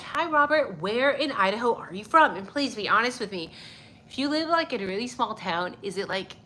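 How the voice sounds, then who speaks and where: A woman's voice: mid-range voice, pushed and bright, slight background noise. A young woman hosting a casual livestream, greeting viewers by name and swearing freely, a little stuffy-nosed. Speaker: livestream host. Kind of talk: casual livestream chat reading viewer comments.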